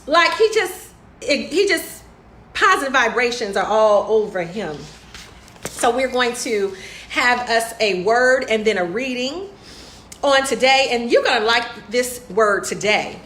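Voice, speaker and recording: A hoarse woman hosting an upbeat motivational live stream, greeting viewers by name and laughing often. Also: a little high, lively intonation, a little slow, fairly bright tone, a little hiss or hum. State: hoarse, losing her voice. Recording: echoey room.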